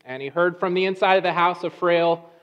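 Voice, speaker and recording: A man preaching a sermon, telling a story in a conversational way with restarts and pauses. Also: sits high, clean tone. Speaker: pastor. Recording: dull lo-fi sound.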